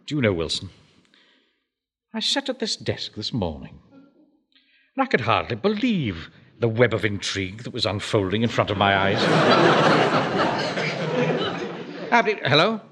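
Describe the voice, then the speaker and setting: An actor playing a pompous, self-important bank manager who also commands a volunteer platoon, speaking in a commanding manner. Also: male voice, lowish voice, wildly swooping pitch, moderate pace, pauses often, noisy background. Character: pompous middle-aged male bank manager and platoon officer. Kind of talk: period sitcom acting.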